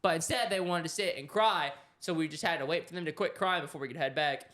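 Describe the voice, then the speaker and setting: A young man with a high voice tells a story on a podcast in a casual, animated way. He laughs often as he talks. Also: fast talker. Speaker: podcast co-host.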